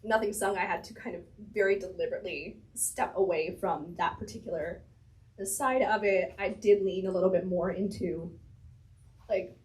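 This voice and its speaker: A woman's voice: on the low side, fairly even intonation, normal speed, darkish tone, low-quality recording. A woman chatting as an author guest in an interview, thinking aloud, laughing often, her voice slightly strained. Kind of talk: casual conversational interview.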